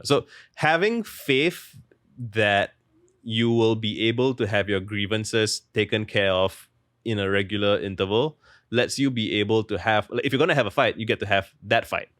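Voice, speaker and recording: Rambling man with a low, dry voice. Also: moderate pace, fairly bright tone, no echo. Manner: rambling, heavy use of "like", restarts mid-thought. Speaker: guest author. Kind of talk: casual interview talk.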